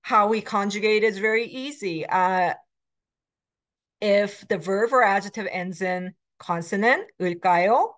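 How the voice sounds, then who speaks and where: A middle-aged woman with a mid-range voice, speaking at a normal speed, gives a recorded grammar lecture as a language teacher. She corrects herself often, uses many fillers, and reads example words aloud, shifting from English to Korean and back.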